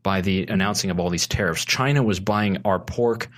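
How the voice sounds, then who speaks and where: A man's voice: low-pitched, moderate pace. A man talking as a podcast guest, earnest and persuasive, often restarting his sentences. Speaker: guest, consumer advocate. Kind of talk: casual podcast chat.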